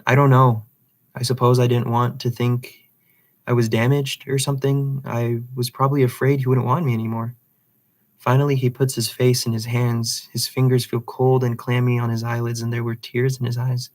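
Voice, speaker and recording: A man's voice: mid-range voice, flat delivery, moderate pace, darkish tone. A man reading a literary novel aloud, with occasional slips and restarts. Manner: reads dialogue plainly, with slips and restarts. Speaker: reader.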